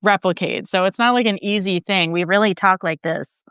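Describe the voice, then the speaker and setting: American woman host, friendly casual chat, smooth crisp voice, dry close mic. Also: medium pitch, normal speed, fairly bright tone, dry recording. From United States. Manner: friendly, many backchannels. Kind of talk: casual conversation.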